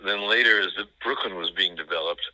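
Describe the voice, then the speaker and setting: An older man with a strong New York accent and a very low, deep voice that is also bright and forceful. He talks in a rambling, halting way, full of fillers and restarts, and the sound is dry and close. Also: dry recording, rough recording. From New York City. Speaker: guest. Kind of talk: conversational interview.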